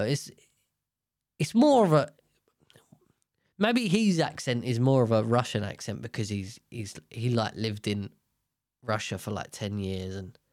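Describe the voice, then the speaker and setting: A man's voice: fairly low pitch, dry recording, clean studio sound. Rambling guy telling stories. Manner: rambling, swearing, self-mocking. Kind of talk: casual storytelling monologue.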